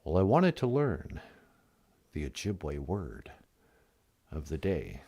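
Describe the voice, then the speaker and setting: A man doing a grave, deep-voiced movie sidekick. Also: huge pitch swings, a little mellow, slightly rough, heavily acted. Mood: solemn. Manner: slow, grave, mock-portentous. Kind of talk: puppet comedy call-in bit.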